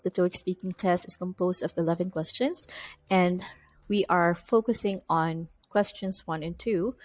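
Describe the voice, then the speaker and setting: A woman's voice: on the low side, a little mellow, rough recording. A woman teaching an English test-prep lesson in an explanatory way, stressing key terms as she goes. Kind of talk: recorded lecture.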